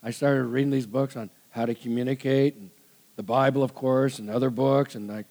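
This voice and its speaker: A middle-aged man preaching a conversational sermon, animated and given to laughter, acting out quoted voices. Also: mid-range voice, moderate pace. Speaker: pastor.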